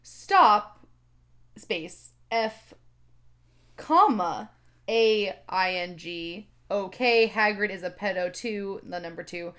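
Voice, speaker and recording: Woman co-host, casual comedic read-along, mid-pitched and even, dry and exasperated. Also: slow pace. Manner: sardonic, exasperated, swears freely. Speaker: podcast co-host reading a fanfic aloud.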